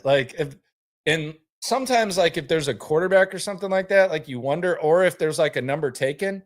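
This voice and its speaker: A man with a fairly high voice and lively intonation, speaking at a normal speed, hosts a casual sports live stream as a podcast host. He rambles in a relaxed way and often repeats words when he restarts.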